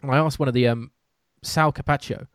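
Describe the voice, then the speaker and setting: Chatty British commentator, dry sound. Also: male voice, mid-range voice, fairly even intonation, brisk, clear, resonant tone, dry recording. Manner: chatty, self-deprecating, many fillers and restarts. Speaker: host and sports commentator. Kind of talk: casual podcast chat.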